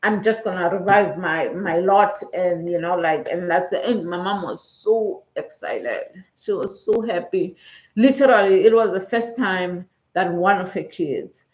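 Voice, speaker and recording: A woman's voice: lowish voice, measured pace. A middle-aged woman with a South African accent, telling a personal story to her vlog viewers in a chatty way, often checking in with "okay?", and close to tears. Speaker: vlogger. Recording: roomy echo.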